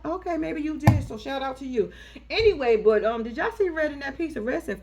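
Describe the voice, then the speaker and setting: A woman with a high voice talks fairly quickly over some background noise, recapping a reality TV episode. Her commentary is casual, sassy and profane, and she acts out the people involved with animated storytelling.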